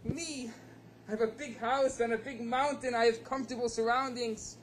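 A man's voice: very high-pitched, fairly even intonation, normal speed, a little hiss or hum, pitched above the performer's own voice. A man voicing a wealthy, proud middle-aged man who speaks earnestly and a bit incredulously. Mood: explaining.

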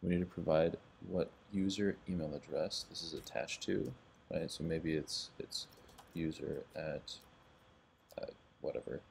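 A man with a very low, gravelly voice walks through a screen-recorded tech tutorial in a breezy, upbeat way. He talks to the viewers as guys and keeps things relaxed. Faint noise sits behind him. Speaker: automation tutorial host.

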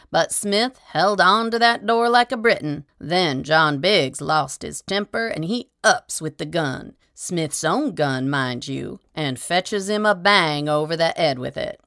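A woman narrating a short story aloud in a steady, measured storytelling manner. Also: low-pitched, no echo, studio quality. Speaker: audiobook reader.

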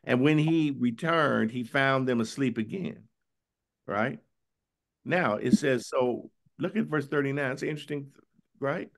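A bishop preaching a Bible study sermon in a conversational, questioning way, often asking "right?" and reading scripture slowly. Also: male voice, medium pitch, gravelly. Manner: conversational, questioning, tag "right?" after points; reads scripture slowly and drawn out.

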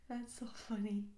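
A woman's voice: on the high side, warm tone. A woman hosting a casual reaction video, gushing over animal clips with lots of exclamations and giggles. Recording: roomy echo.

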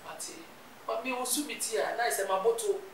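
A woman's voice: on the high side, fairly even intonation, fairly quick. A woman hosting a gossip show, lecturing and scolding as she comments. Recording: echoey room, distant mic, faint noise.

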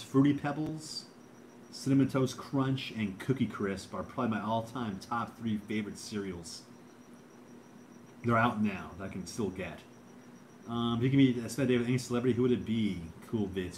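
Low-voiced rambling male streamer. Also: slight background noise. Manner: rambling, hesitant, lots of fillers and repeats. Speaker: livestream host reading chat. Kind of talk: casual livestream chat.

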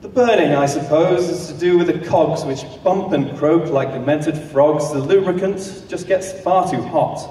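A man playing a shifty pieman who talks his way out of trouble in theatrical rhyming verse. The voice is mellow and somewhat high for a man. It rings out from a distance in a long, reverberant hall. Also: a little slow, hardly any pauses, slight background noise, natural voice. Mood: mock-reassuring. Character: shifty male pie seller explaining his wares.

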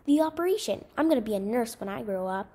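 A woman voicing a curious, eager little girl who asks quick questions. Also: fairly high pitch, lively intonation, mellow, slightly rough.

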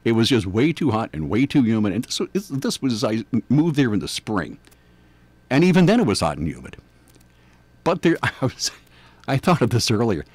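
An older man with a New York accent hosts morning radio, chatting at length and poking fun at himself. His pitch swings widely as he talks. The sound is close and dry, with no room around it. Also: big pitch swings, moderate pace, darkish tone, dry recording. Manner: rambling, chatty, self-deprecating. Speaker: radio host. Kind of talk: casual morning radio chat.

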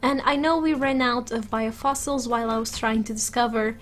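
A woman giving casual let's play commentary, giggly and excitable, chatting fondly to her game pets while a little sick. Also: on the high side, moderate pace.

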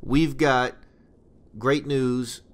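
A man's voice: mid-range voice, fairly even intonation, very slow. A man doing a drawling, crude mercenary boss. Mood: folksy. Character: folksy male mercenary boss giving contracts.

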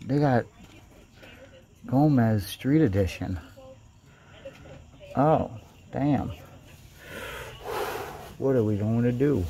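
A man who collects toys, giving casual running commentary with quick, blunt verdicts and casual swearing while shopping in a toy store. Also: fairly low pitch, vocal fry. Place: busy toy store, indoors. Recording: crowded store noise behind.

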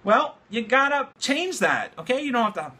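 A man hosting a casual livestream chat from his home studio, excitable and loose, swearing freely while drinking beer. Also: extremely high pitch, normal speed, husky. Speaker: livestream host. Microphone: phone livestream app.

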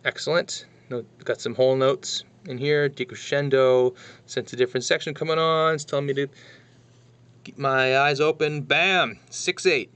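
Man, drum teacher, casual lesson, thinks out loud, counts rhythms, medium pitch. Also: flat delivery, normal speed, clean tone. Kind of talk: casual music lesson walkthrough.

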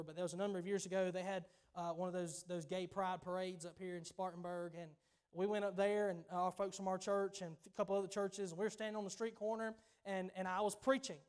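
A man with a Southern US accent delivers a sermon in a church, his voice sitting notably high for a man. He preaches in an emphatic yet conversational way, doubling back on words as he builds his point. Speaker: pastor.

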